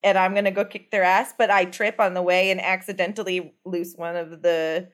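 A woman playing a tabletop game, animated, joking and boastful in the banter. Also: fairly low pitch, moderate pace. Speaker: player.

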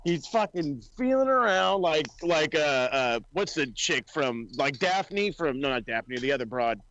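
A man co-hosting a podcast in casual chat, rambling, swearing freely and getting excited. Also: fairly high pitch, measured pace, muffled recording. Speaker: podcast co-host.

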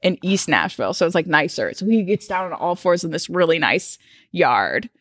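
Woman, podcast co-host, casual chat, lively swooping pitch, dry close sound. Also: moderate pace, dry recording. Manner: animated storyteller, chatty.

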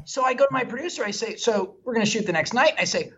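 Guest, male film director, husky voice, candid self-deprecating anecdotes, dull lo-fi recording. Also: high-pitched, expressive, quick pace, a bit bright. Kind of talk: animated anecdotal storytelling.

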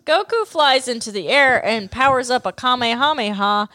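A woman's voice: a little high, moderate pace, pushed and bright, dry recording. A woman co-hosting a comedy podcast, recapping an episode in casual chat and acting out the characters' lines. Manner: recounts scenes by acting out lines in quotes. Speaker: podcast co-host.

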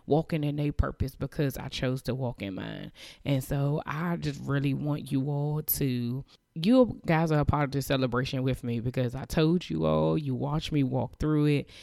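A woman's voice: extremely low pitch, gravelly, warm tone, dry recording, studio quality. A woman hosting a faith podcast, talking in an earnest, emotional way, often repeating herself and sighing as she gives thanks. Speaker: podcast host. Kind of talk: heartfelt faith-based podcast monologue.

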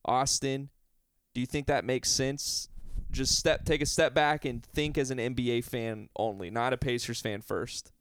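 A man co-hosting a podcast in a casual chat, talkative and explaining things quickly. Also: medium pitch, fairly even intonation, clear, resonant tone. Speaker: podcast co-host. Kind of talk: casual chat about basketball.

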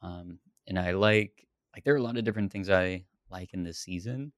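Low voiced guy on a podcast, laid back rambly chat, dry close mic. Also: fairly quick, dry recording. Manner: relaxed, laughs often, rambling. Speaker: podcast co-host. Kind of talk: casual chat about a TV series.

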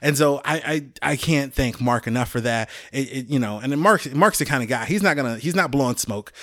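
A man's voice: mid-range voice, a little fast, fairly bright tone, no room sound, studio quality. A man in his forties from Chicago, hosting a podcast and telling rambling stories in a chatty, self-mocking way. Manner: rambling, chatty storyteller who laughs at himself. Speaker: podcast host. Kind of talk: casual podcast monologue.

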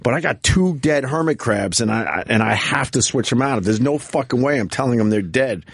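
A man's voice: medium pitch, expressive, fairly quick, breathy edge, dry recording. A man in his thirties in casual chat, telling an earnest, rambling story. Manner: earnest, rambling anecdote with restarts.

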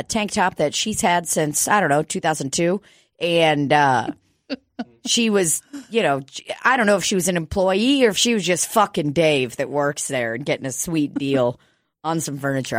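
A woman's voice: fairly low pitch, lively intonation, unhurried, no echo, clean studio sound. A woman host telling a comedic story in casual, profane talk, laughing often and acting out quotes.

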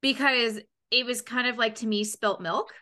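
A woman's voice: on the high side, fairly even intonation, normal speed, bright, forceful tone. A woman hosting a casual interview over a video call, chatting in a bubbly, upbeat, storytelling way. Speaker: podcast host.

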